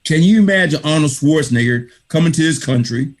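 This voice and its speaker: At an online book reading held by video call, the male author thanks his readers in a brisk, emphatic motivational speech. His slightly high voice has lively intonation, and he returns to key phrases again and again, preacher-style.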